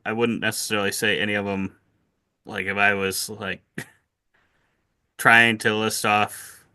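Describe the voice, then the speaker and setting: A man's voice: lowish voice, bright, forceful tone. A man co-hosting a board game channel, chatting casually and hedging, often restarting his phrases. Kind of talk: casual chat reacting to award nominees.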